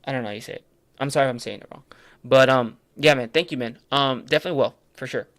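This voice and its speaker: A man's voice: medium pitch, fast talker, a bit bright, dry recording. A man leading a casual late-night Bible study stream, hesitant and full of fillers, stumbling over terms and correcting himself. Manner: answers viewers' comments in passing.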